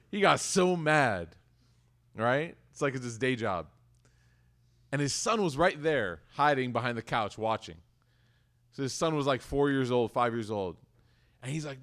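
A man giving a lively sermon to a community audience, talking conversationally and telling stories. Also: fairly high pitch. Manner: conversational, animated, addresses audience directly. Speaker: religious community speaker.

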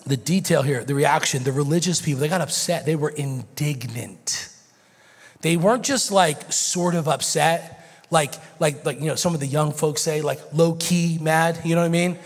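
An American pastor in his forties preaching a sermon, swinging from shouted intensity to a hushed near-whisper. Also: on the high side, moderate pace. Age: 40s. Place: church sanctuary. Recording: reverberant church sanctuary.

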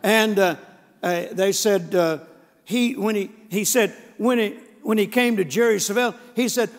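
An older male pastor delivers a sermon in a high, ringing voice that carries through a long church reverb. His delivery is folksy and emphatic, and he keeps turning to the congregation for a response. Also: moderate pace, a bit bright. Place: church sanctuary.

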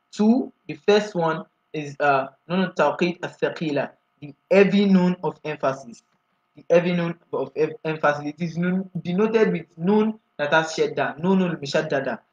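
A man's voice: on the high side, fairly bright tone, dull audio. A man teaching Arabic grammar in a class lecture, explaining each step and often asking the students to fill in the answer.

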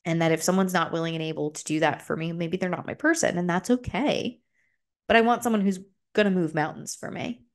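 A young adult woman hosting a solo podcast, talking openly and emotionally and swearing freely, her voice jumping up high when she gets excited. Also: fairly quick. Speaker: podcast host. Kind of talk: solo confessional podcast talk.

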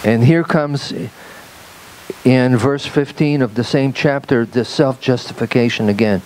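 A man preaching as a rabbi, slow and deliberate, lifting his voice when he acts out quoted speech. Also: mid-range voice, darkish tone, slight background noise, poor audio. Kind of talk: sermon.

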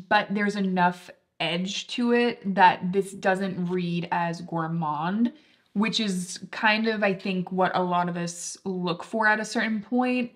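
Chatty young woman reviewing beauty products. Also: lowish voice. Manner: chatty, filler-heavy, enthusiastic. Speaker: beauty vlogger.

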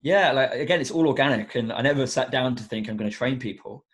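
A man's voice: mid-range voice, quick pace, a bit bright. A young man who works as an education coach, talking earnestly and reflectively as a guest on a podcast, with many fillers. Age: young adult. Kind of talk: casual podcast interview.

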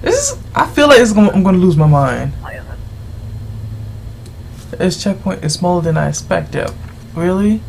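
A gamer giving rambling, exasperated commentary while playing, yelling at the game's characters. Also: medium pitch, sing-song, normal speed, gravelly, pauses often, a little hiss or hum. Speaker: let's play gamer. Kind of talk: gameplay commentary.

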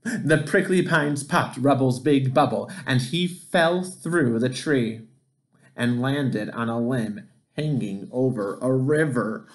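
A man reading a children's picture book aloud, gentle and expressive. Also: medium pitch, slow pace. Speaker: storybook reader.

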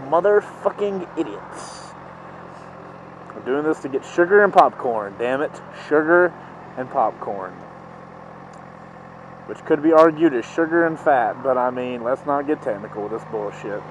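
A man's voice: medium pitch, expressive, moderate pace, poor audio. A young man in a helmet, riding a motorcycle through city traffic, sarcastically ranting and swearing at other drivers. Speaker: vlogger. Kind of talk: casual helmet-cam commentary while riding. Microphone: mic inside a motorcycle helmet. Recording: helmet mic with loud road noise. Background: traffic and engine noise.

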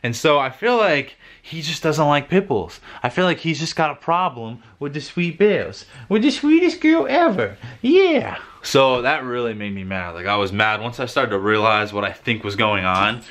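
A man's voice: medium pitch, normal speed, hardly any pauses. A man in his twenties telling a story on his vlog in a casual, rambling way full of "like". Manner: rambling, lots of "like", animated retelling. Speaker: vlogger.

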